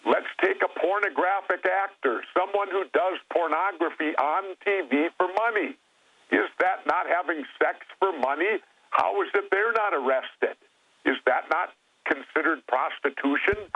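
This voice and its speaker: Over a tinny phone line, a former governor speaks as a guest on a phone-in interview, telling his stories bluntly and plainly. He has a high voice and a measured pace, with no room sound.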